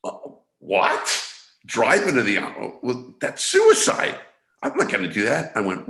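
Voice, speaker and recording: A man from San Francisco speaks as an interview guest over a video call, his voice sitting at an ordinary middle pitch. His speech is halting, full of restarts and repeated words, and the room around him rings with a noticeable echo. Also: huge pitch swings, vocal fry, pushed and bright. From San Francisco, USA. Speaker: guest, energy awareness coach. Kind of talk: explanatory interview talk. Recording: echoey room sound.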